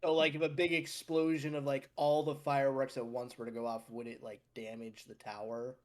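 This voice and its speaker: A man's voice: mid-range voice, flat delivery, brisk. A man playing a tabletop game, rambling casually with lots of "like". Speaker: player. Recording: noisy mic.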